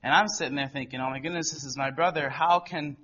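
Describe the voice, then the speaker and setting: Young guy telling his faith story, bright tense voice, kinda muffled lo-fi audio. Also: a little high, fairly even intonation, quick pace. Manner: earnest storytelling, quoting others in dialogue. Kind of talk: personal testimony. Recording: muffled lo-fi recording.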